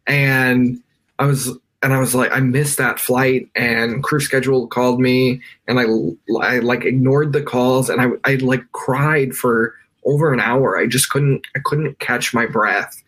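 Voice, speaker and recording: A man's voice: mid-range voice, steady tone, a little slow, a bit bright. A man from the United States, a guest on a podcast, tells his story in a loose, conversational way that is full of "like" and restarts. He is speaking from his bedroom over a video call. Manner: emotional, many fillers and restarts.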